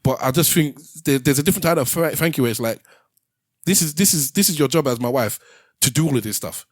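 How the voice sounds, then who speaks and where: A man's voice: mid-range voice, animated, fast talker, dry recording, studio quality. A man hosting a casual podcast chat, telling stories and acting out quotes with many restarts. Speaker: podcast host.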